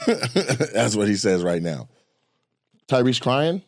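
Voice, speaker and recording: A man talking in a casual podcast chat, animated and loose, swearing freely. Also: mid-range voice, slow pace, pauses often, dry recording, studio quality. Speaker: comedian and podcast guest.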